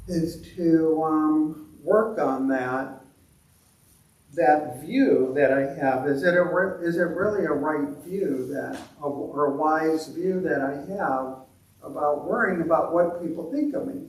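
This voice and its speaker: A man leading a meditation group, talking in a halting, self-deprecating way with many restarts. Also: a little high. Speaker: meditation leader. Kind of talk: reflective talk to a meditation group. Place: meditation temple hall. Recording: echoey room from a distant mic.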